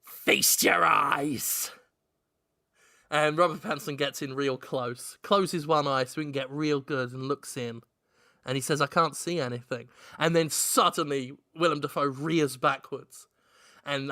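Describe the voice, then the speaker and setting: A man co-hosting a comedy podcast, narrating an absurd improvised story with deadpan delivery. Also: medium pitch, moderate pace, no echo, studio quality. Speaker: podcast co-host.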